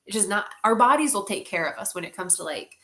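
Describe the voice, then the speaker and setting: A woman's voice: medium pitch, lively intonation, fast talker, sharp tone. A woman leading an online group, talking casually, candid and heartfelt, with many "like"s and the odd swear word.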